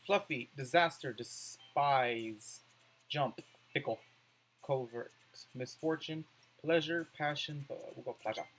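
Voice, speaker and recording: A man's voice: medium pitch, slow, a bit bright, poor audio. A man doing let's play commentary, reading on-screen words aloud and musing over his choices.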